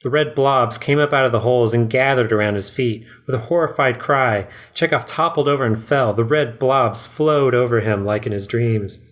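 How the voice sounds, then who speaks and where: A man hosting a podcast, reading a story aloud with steady pacing and chuckling between passages. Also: medium pitch, normal speed, hardly any pauses. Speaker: host, narrator.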